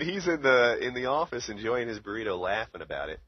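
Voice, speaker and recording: A man's voice: mid-range voice, sing-song, a little fast, breathy edge, dry recording. A man telling a long story in casual chat, rambling with lots of fillers. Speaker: podcast co-host. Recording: dull lo-fi audio.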